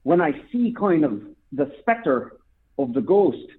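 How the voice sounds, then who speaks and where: A man's voice: on the high side, very animated, unhurried. A man with an Irish accent calling in over the phone, sly and teasing. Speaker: prank caller. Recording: tinny phone line.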